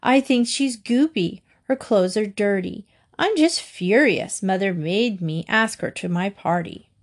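A woman's voice: mid-range voice, animated, measured pace. A woman voicing a snooty, spoiled little girl who sneers at others in a storybook reading. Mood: scornful. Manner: sneering, scornful.

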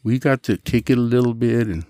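A man telling stories from his life in a casual interview, animated and acting out the voices of others. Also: a little fast, no echo, studio quality. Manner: animated storyteller, jumps high to act out quoted voices; Christian, speaks of his faith. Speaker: guest.

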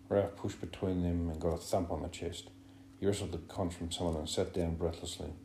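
A man narrating a novel in a measured, even manner. His voice is low and dark. The recording sounds roomy, with a faint hum behind it. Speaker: audiobook narrator. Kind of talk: scripted narration.

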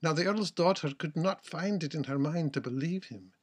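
A man narrates an old folk tale in a measured, old-fashioned way. His voice is husky and sits slightly high. He tells the story at an even pace. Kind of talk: storybook reading.

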